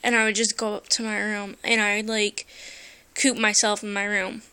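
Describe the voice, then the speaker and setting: A woman's voice: medium pitch, little pitch movement, normal speed, bright, forceful tone, clean tone. A woman telling a personal story into her phone, earnest and emotional, hesitating with many fillers. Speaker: vlogger.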